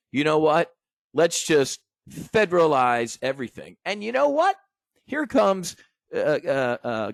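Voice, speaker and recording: A man's voice: fairly high pitch, gravelly, no room sound, clean studio sound. A middle-aged man from the United States ranting angrily and emotionally to viewers, swearing and stumbling over restarts as he teaches trading. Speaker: trading educator. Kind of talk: impassioned rant to viewers.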